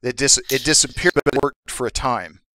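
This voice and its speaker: A man narrating as the game master of a tabletop game, setting the scene in an improvised, halting way with many restarts. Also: medium pitch, sharp tone, no echo, poor audio.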